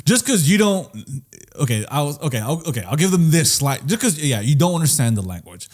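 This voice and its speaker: A man's voice: on the high side, very animated, fairly quick, darkish tone. A man co-hosting a podcast in casual chat, laid-back and profane, calling people bro. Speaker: podcast co-host.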